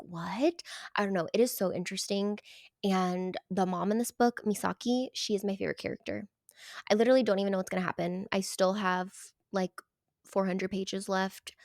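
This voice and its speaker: A young woman book vlogger chatting casually and gushing about her reads, her voice a little rough from being sick. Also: mid-range voice, fairly even intonation, normal speed, darkish tone, no echo, clean studio sound. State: sick, hoarse voice. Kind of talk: casual chat.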